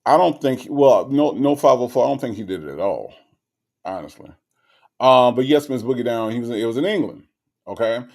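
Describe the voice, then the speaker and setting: A man with a mid-range, slightly mellow voice talks to his chat on a live stream at normal speed. His animated commentary is casual, turning into an emphatic, sarcastic, repetitive rant.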